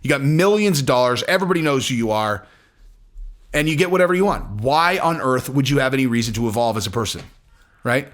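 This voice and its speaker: A man talking casually as an MMA commentator, blunt and a little profane, rambling between points in a relaxed vlog way. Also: medium pitch, fast talker. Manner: animated, rambling, acts out quotes in other voices.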